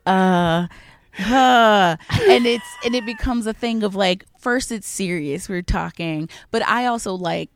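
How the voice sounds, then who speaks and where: A young woman talking candidly in casual conversation at a conference, peppering her speech with "like" and slipping into a breathy hush for examples. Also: medium pitch, moderate pace, hardly any pauses, a little hiss or hum. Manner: frequent "like" fillers, drops into a hushed breathy voice for examples. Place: at a conference, indoors.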